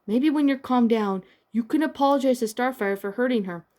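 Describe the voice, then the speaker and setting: Robin, a woman reading as a calm teen leader. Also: fairly high pitch, fairly quick, pitched above the performer's own voice, lightly acted. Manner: calming, steady. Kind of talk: amateur fan-fiction reading.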